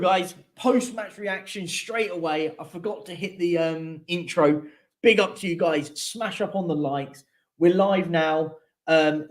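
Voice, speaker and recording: A young man vents on a live football fan show, his voice sitting a little higher than most men's. He hammers the same points again and again, fed up and wound up, and breaks off to sigh between bursts of anger. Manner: frustrated, venting, repetitive emphasis. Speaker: football fan channel host. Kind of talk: live post-match reaction rant.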